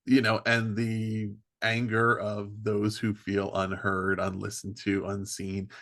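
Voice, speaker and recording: A man with a low, gravelly voice hosts a podcast interview. He speaks thoughtfully, stopping often to search for words. The recording is dry and close. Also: completely flat delivery, fairly bright tone, no room sound. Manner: thoughtful, halting, many fillers. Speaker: podcast host. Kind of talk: conversational interview.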